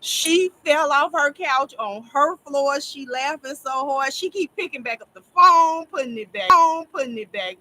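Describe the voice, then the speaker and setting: A woman casually telling a long story to her viewers, rambling and animated, often laughing as she talks. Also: high-pitched, unhurried, hardly any pauses, poor audio. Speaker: storyteller vlogger.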